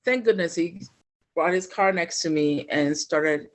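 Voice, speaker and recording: A woman's voice: fairly low pitch, measured pace. Woman telling a personal story. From Ghana. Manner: animated, emotional retelling. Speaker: guest.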